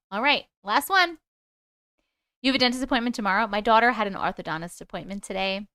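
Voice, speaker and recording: A woman in her thirties with a Long Island accent, hosting a casual live stream; she talks loudly and excitedly and laughs often. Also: mid-range voice, brisk, clean tone, dry recording, clean studio sound. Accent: Long Island New York. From Long Island, New York. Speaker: YouTube live host. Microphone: close microphone.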